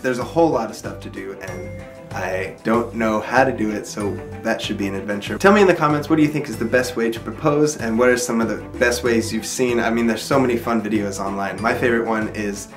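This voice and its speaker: A man's voice: on the low side, fairly quick. Chatty young man over background music. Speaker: vlogger. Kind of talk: casual storytelling to camera.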